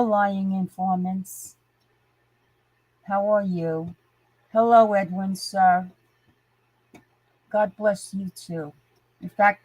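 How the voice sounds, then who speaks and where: Older woman, live-stream host; slow, dry delivery, indignant and plainspoken. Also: on the low side, a little mellow, no room sound, rough recording. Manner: indignant ranting, greeting viewers by name. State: stuffy from a sinus infection. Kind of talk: casual live-stream chat.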